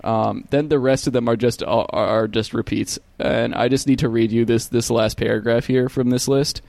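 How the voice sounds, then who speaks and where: A man's voice: mid-range voice, fairly even intonation, normal speed, creaky, a little mellow, dry recording. A man in casual comedic chat, reading crude jokes aloud and laughing as he goes.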